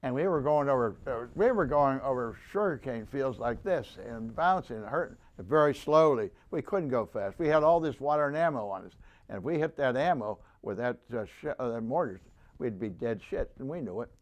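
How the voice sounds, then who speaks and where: In an animated, mid-range voice with muffled highs, a male veteran in his nineties is interviewed for an oral history. His storytelling is halting and rambling, with many restarts, and he acts out the people he quotes.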